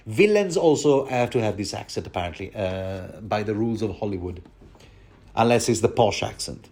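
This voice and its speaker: A man's voice: lowish voice, animated, normal speed, mellow. A man hosting a rambling book commentary, talking digressively and addressing his listeners directly.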